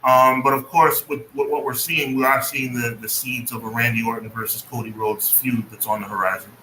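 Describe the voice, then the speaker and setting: A man's voice: mid-range voice, steady tone, fairly quick, bright, forceful tone. A man co-hosting a casual wrestling podcast, talking emphatically and with sarcastic asides. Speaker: podcast co-host. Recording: echoey room with faint noise.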